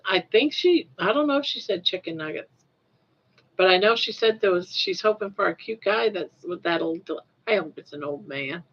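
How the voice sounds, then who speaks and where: A woman's voice: fairly low pitch, a bit bright, slightly rough, muffled recording. An older woman hosting a casual live stream, chatting with viewers and cooing at her pet in baby talk with lots of giggles.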